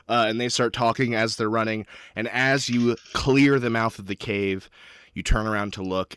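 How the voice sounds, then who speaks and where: A man running a tabletop role-playing game as game master, narrating in a quick, animated way. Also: lowish voice, clean tone, dry recording, studio quality. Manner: animated, quick, swears casually.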